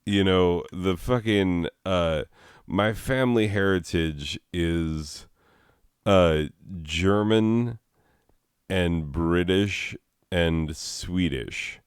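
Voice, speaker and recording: A man with a very low, smooth voice drifts slowly through stoned gameplay commentary, giggling and swearing as he rambles. The sound is dry and close. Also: no room sound. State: high. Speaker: gaming video host.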